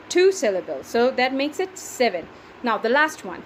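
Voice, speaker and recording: Patient woman teacher, slightly high voice. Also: sing-song, moderate pace, slight background noise. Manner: patient, repeats words while counting syllables. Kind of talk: classroom lesson.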